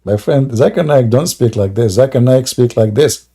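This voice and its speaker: Speaking at a normal speed in a mid-range, breathy voice, a live stream host mocks and needles with sarcastic commentary. His English grammar is broken, and he frequently bursts into loud taunts.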